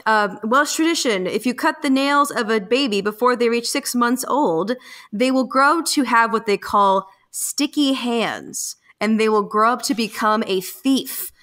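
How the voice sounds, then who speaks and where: Higher-voiced woman hosting a quiz. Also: a bit bright. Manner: playful, reads options slowly. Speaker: podcast host reading quiz questions. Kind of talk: casual podcast quiz.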